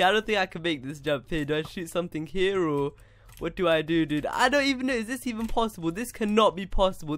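A young man giving casual, excitable commentary while playing a block-building game, talking to himself as he goes. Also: sits high, dry recording. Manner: excitable, talks to himself, says dude a lot. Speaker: gaming YouTuber. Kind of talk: casual Minecraft gameplay commentary.

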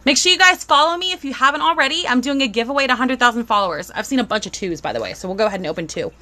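A woman's voice: on the high side, lively intonation, rapid-fire, sharp tone. A young woman, chatting bubbly on a live stream as she unboxes toys and greets viewers.

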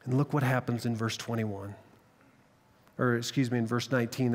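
A man preaching a sermon, telling the story dramatically and dropping to hushed tones at tense moments. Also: medium pitch, fairly even intonation, normal speed, pauses often. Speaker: pastor. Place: church sanctuary. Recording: long reverb of a church hall.

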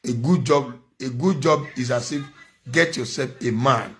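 Nigerian man, middle-aged, preachy scolding commentator, mid-pitched voice. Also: measured pace. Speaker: social media commentator. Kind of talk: impassioned monologue.

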